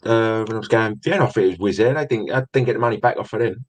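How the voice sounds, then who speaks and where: Male co-host, low and husky, teasing banter, dry recording. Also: rapid-fire. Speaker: fan channel co-host. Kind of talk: casual pub chat.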